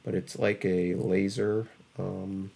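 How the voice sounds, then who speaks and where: A man with a fairly low voice talks casually as a podcast co-host. He rambles and halts, restarting his sentences and filling pauses with ums as he goes. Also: flat delivery, vocal fry, warm tone, husky. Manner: rambling, halting, many fillers and restarts. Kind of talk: casual chat about trading cards.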